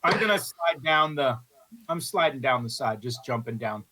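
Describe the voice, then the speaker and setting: A man's voice: mid-range voice, animated, normal speed, pushed and bright. A man playing a tabletop game, playful and casual, swearing now and then. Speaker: player.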